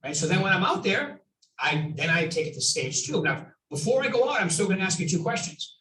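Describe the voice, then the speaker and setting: High-pitched guy giving a lively sales training talk, acting out phone calls, sounds far off in an echoey room. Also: fairly quick, a little hiss or hum. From Nashua, New Hampshire. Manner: animated, acts out phone scripts. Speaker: real estate coach. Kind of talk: seminar talk to agents.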